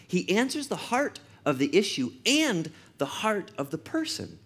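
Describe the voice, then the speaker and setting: A man preaching a sermon as pastor, stressing key phrases slowly and repeating them, with quicker conversational storytelling asides. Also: sits high, sing-song, a bit bright, slightly rough. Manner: emphatic, with slowed-down stressed phrases and repetition for effect.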